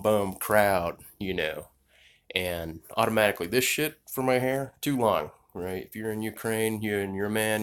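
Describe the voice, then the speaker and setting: A low-pitched man spins a long travel tale, jumping between tangents and swearing freely. He talks casually to the camera and keeps circling back to his point. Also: a bit bright. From United States. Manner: digressive, profane, loses his train of thought. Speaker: vlogger. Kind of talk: rambling travel story.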